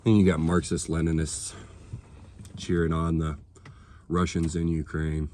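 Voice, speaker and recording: Deep-voiced man on a heated, profane rant. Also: level tone, a little slow, a little mellow, a little hiss or hum. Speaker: political vlogger. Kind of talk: ranting monologue to camera.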